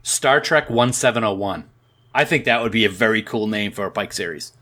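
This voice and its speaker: A man's voice: lowish voice, animated, a little fast, sharp tone. A man with a New England accent, co-hosting a podcast in casual, upbeat, rambling chat. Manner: chatty and upbeat, rambling with restarts. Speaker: podcast co-host.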